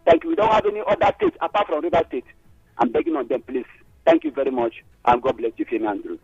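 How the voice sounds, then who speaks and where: A man's voice: mid-range voice, wildly swooping pitch, fast talker, gravelly, husky, no echo, faint music behind. A Nigerian man calling in to a radio show, pleading in an emotional, repetitive way. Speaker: caller. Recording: muffled phone line.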